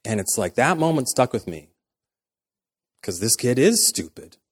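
A man's voice: mid-range voice, big pitch swings, measured pace, husky. A man in his thirties, a pastor giving a sermon in a conversational way, acting out quoted dialogue as he goes.

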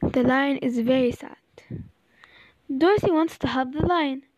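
A woman reading a children's storybook aloud, slow and halting, sometimes repeating words. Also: high voice, a little mellow. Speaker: reader. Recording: slightly dull recording.

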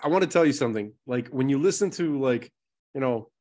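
A man's voice: mid-range voice, expressive, fairly quick, warm tone. A man co-hosting a podcast in casual chat, joking and easygoing. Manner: joking, easygoing, apologetic asides. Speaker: podcast co-host.

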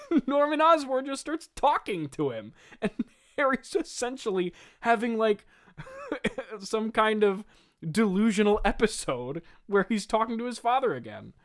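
A man's voice: high-pitched, very animated, a little slow, fairly bright tone. A young man giving comedic commentary on his old script, incredulous, laughing and rambling. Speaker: host.

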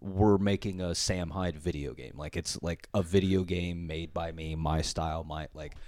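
A man's voice: low-pitched, steady tone, normal speed, darkish tone, no echo. A young man co-hosting a podcast from a living room, chatting casually with lots of filler words and swearing. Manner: rambling, heavy filler words, swears often. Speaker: podcast co-host. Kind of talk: casual chat. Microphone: studio mic.

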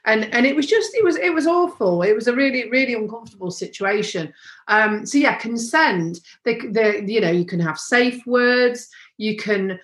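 A woman's voice: fairly high pitch, animated, moderate pace. Frank woman in an echoey room. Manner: frank, earnest, many restarts. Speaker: podcast guest, sex expert. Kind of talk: casual podcast conversation.

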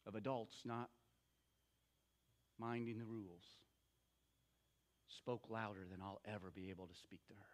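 A man's voice: fairly low pitch, fairly even intonation, unhurried, long pauses. An older man, a grandfather, preaching a sermon and telling a story to his congregation, asking them for responses. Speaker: pastor.

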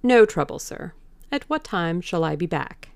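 Woman doing a polite victorian manservant, deferential, raised voice, gravelly. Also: lowish voice, big pitch swings, unhurried, dry recording, full character voice.

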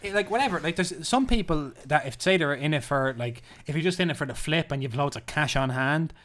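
A man's voice: a little high, animated, brisk, fairly bright tone. Male co-host, casual, jokey and rambling, playful list-reading. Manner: jokey, rambling, reads lists with playful emphasis. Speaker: podcast co-host. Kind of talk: casual chat.

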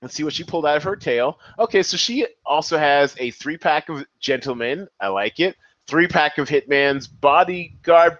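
Excitable male podcast host, lively swinging pitch, dry and slightly dull recording. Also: moderate pace, no room sound. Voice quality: excitable, animated. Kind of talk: casual commentary.

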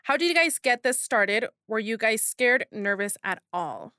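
A woman's voice: on the high side, expressive, a little slow, bright, forceful tone, no echo, clean studio sound. A woman co-hosting a podcast in casual chat, giggly and swearing freely. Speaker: podcast co-host.

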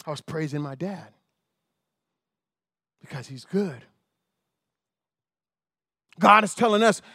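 A man preaching a sermon as an animated, rambling storyteller. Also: a little high, measured pace, long pauses, dry recording, clean studio sound.

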